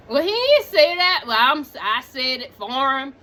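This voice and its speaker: A woman recapping a movie in casual chat, animated and talking straight to her viewers, drifting off on tangents. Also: high voice, a little slow. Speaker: movie reviewer.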